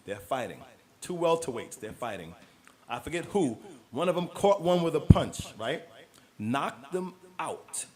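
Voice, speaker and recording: A man from New York talking as an interview guest, relaxed and storytelling, often laughing. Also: mid-range voice, measured pace. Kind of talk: casual interview conversation.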